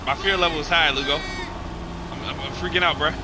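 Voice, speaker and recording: A man gaming with a friend, slangy and loud, breaking into panicky yelps and comic complaints. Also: a little high, steady tone, brisk, over a noisy crowd. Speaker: gamer playing with a friend. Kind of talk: excitable gaming banter. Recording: loud game music behind the voice.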